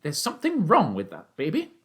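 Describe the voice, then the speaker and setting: A man's voice: fairly high pitch, wildly swooping pitch, brisk, pitched above the performer's own voice. A man voicing an elderly country doctor who speaks in a raised, exclaiming tone. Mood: dry, exclaiming. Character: elderly country doctor, excitable and high-voiced.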